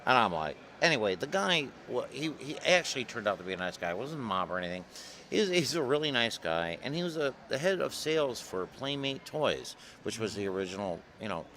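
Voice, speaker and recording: A man telling stories in an interview, lively and acting out other people's voices. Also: medium pitch, brisk. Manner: animated storyteller, acts out voices in anecdotes. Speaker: comic artist guest. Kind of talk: storytelling interview. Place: convention floor.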